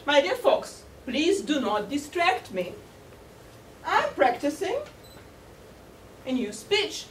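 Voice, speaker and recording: A smug male hare voiced by a woman talks in a put-on American accent, calm and politely dismissive. The voice sits high and swoops around as the storyteller performs him. It comes from far off in an echoey hall. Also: slow, slight background noise, exaggerated voice. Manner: calm, polite, brushing others off.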